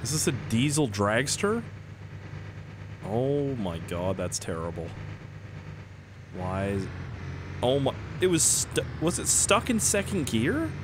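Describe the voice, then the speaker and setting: Excitable young man with a cold. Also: medium pitch, takes it slowly, long pauses, background noise. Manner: rambling, excitable, jokey. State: has a cold, coughing. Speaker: gaming video host. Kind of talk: casual gameplay commentary.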